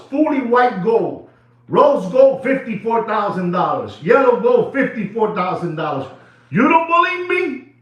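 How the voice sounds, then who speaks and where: Animated man speaking in an echoey room. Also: sits high. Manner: animated, repetitive, shouts and laughs, mixes in Spanish. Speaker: watch dealer hosting a video. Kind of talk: excited off-the-cuff monologue. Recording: echoey room, dull sound.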